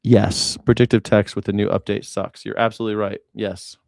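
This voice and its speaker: A man's voice: on the low side, little pitch movement, brisk, gravelly, darkish tone, no echo, clean studio sound. A man hosting a casual commentary show, telling stories in a blunt, profane way. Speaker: host.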